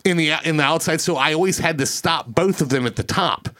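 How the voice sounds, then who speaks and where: Male podcast host, slightly higher voice, lively, swears a lot, plays out every quoted voice. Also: fairly quick. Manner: animated, profane, acts out quoted voices. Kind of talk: casual storytelling chat. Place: studio.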